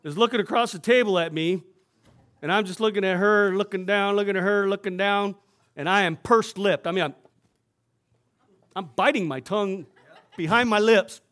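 A man's voice: high-pitched, moderate pace, long pauses, fairly bright tone. A male pastor preaching to his congregation in a church, telling a personal story in a conversational way and often checking in with his listeners.

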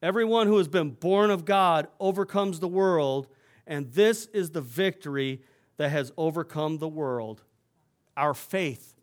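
A man's voice: fairly high pitch, a little slow. A male pastor preaching to his congregation in a church, telling a personal story in a conversational way and often checking in with his listeners.

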